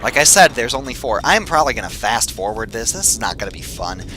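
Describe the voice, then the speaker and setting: A young man giving casual gameplay commentary, excitable and quick to swear and yell when he gets frustrated. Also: mid-range voice, soft background music.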